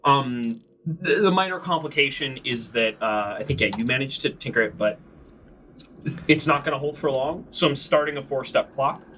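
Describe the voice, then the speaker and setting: A man's voice: mid-range voice, moderate pace, bright, forceful tone, slight background noise, low-quality recording. A man narrating a tabletop role-playing game as game master, rambling and full of fillers.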